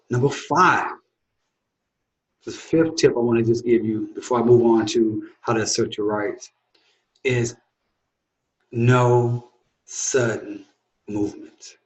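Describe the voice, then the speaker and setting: A man's voice: mid-range voice, echoey room, low-quality recording. A man, an attorney, teaching people their rights in an instructional talk, repeating key phrases with the emphasis of a preacher. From United States. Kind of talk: direct-to-camera instructional talk.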